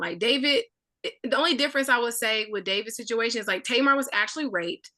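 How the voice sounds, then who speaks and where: A woman's voice: fairly high pitch, fairly quick, sharp tone. A woman leading a casual Bible study discussion, talking thoughtfully with many filler likes.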